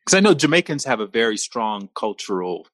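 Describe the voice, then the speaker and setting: A man's voice: mid-range voice, very animated, fairly quick, a bit bright. A man hosting a podcast who introduces his guest and then interviews her in a friendly, teasing way. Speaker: podcast host. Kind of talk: casual interview.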